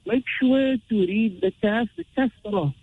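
A man teaching Quran recitation rules, explaining slowly and chanting drawn-out example verses. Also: high voice, slightly rough, no room sound. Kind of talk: tajweed lesson with recited examples. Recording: tinny phone-like radio sound.

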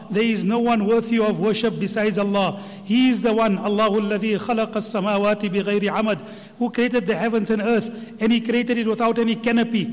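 High-voiced man, reverberant hall. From Indian subcontinent. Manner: earnest, recites Arabic verses with emphasis. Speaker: religious speaker. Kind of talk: religious commentary.

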